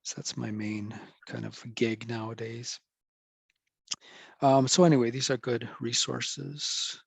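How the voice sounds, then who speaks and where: A man's voice: mid-range voice, little pitch movement, slow pace, gravelly, breathy edge, dry recording. A middle-aged man, a professor, giving a casual, rambling recorded lecture and correcting himself as he goes.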